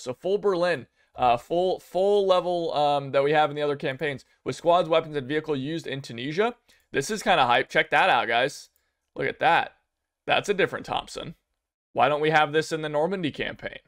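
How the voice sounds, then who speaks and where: A young man giving casual commentary on game news, rambling and excitable, with many fillers and restarts. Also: fairly high pitch, brisk. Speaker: gaming video creator.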